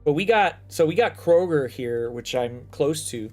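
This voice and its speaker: A man from the United States hosting a casual chat show, telling stories in a lively, profane way. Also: a little high, moderate pace, soft background music. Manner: animated, profane storytelling. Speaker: host.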